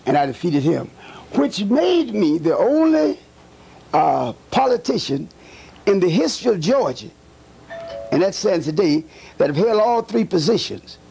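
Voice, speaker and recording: Gravelly older man, emphatic. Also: sits high, sing-song, dark tone. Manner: deliberate, emphatic, with many hesitant fillers. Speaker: civil rights leader and politician. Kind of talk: reflective oral-history interview.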